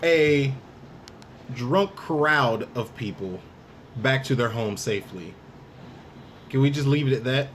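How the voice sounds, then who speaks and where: A man's voice: medium pitch, expressive, slow, pauses often. A man hosting a casual late-night podcast with friends, joking and laid-back as he wraps up the show. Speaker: podcast host. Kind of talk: casual chat. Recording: faint background noise.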